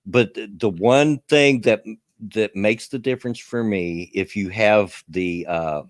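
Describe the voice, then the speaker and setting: A man's voice: lowish voice, unhurried, dry recording, studio quality. A man with a Southern US accent hosting a casual chat stream, rambling about games and chuckling often.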